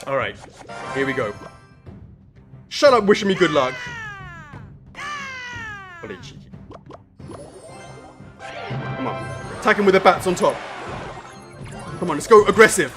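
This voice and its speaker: A man hosting a live stream, commentating his own game with excitable groans and playful trash talk aimed at his opponent. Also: high voice, a little slow, long pauses. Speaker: streamer and show host. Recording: game music playing under the voice. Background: game music.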